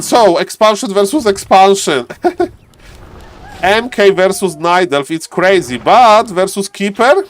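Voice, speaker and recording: A man's voice: high-pitched, animated, slow pace, no room sound. A man casually commentating a live strategy game, chatting to viewers and players as he goes. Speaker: esports caster.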